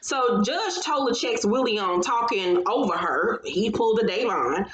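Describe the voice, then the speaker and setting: A woman's voice: mid-range voice, expressive, normal speed, fairly bright tone, roomy sound, dull audio, slight background noise. A woman hosting a casual reality TV recap, talking bluntly and profanely with sassy reactions. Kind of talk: casual chat.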